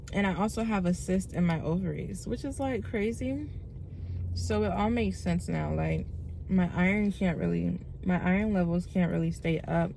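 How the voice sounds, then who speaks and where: A woman's voice: medium pitch, vocal fry, mellow, a little hiss or hum. A young woman talking casually and candidly to camera in a vlog, chatty and open. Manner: chatty, candid, says like a lot. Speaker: vlogger.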